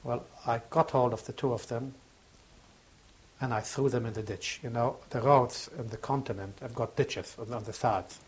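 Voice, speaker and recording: Older man, oral history testimony, halting speech, mid-pitched voice, muffled lo-fi audio. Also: fairly even intonation, husky. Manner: halting, searching for words. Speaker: interviewee. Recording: dull lo-fi recording.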